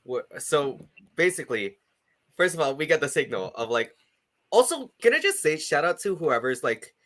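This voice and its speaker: A man's voice: fairly high pitch, very animated, normal speed, fairly bright tone. A man co-hosting a podcast, chatting casually with lots of fillers and laughter. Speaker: podcast co-host. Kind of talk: casual chat.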